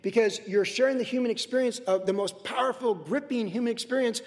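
An older man preaching a sermon from the pulpit in an earnest, emotional way, swinging from soft to loud. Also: very high voice, a little fast, long reverb tail. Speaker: pastor. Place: church sanctuary.

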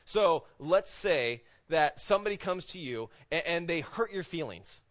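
The man preaching here is a pastor addressing his congregation in the sanctuary, relaxed and conversational, repeatedly asking "right?". His voice is a little high, a bit bright and animated, though his pace is a little slow; the sound quality is lo-fi.

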